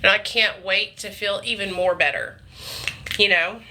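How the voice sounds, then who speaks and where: A woman's voice: medium pitch, steady tone, measured pace, noisy background. A woman chatting casually to her livestream viewers, calling them honey and y'all. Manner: chatty, frequent "you guys" and "y'all", calls viewers honey and baby. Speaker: vlogger chatting with live viewers.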